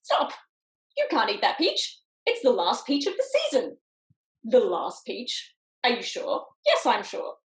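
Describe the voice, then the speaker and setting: A woman's voice: a little high, wildly swooping pitch, normal speed, roomy sound. A woman reading a picture book aloud to children over a video call, switching between character voices. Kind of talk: storytime read-aloud.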